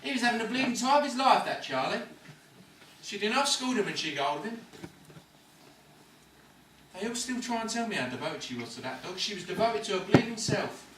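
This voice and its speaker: A man's voice: sits high, very animated, a little fast, long pauses. An actor playing a cynical, swaggering ladies' man in a hospital ward, lecturing in slang. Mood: scornful. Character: cocky London ladies' man, cynical patient. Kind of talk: amateur stage-style film acting. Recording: echoey room, distant mic, faint noise.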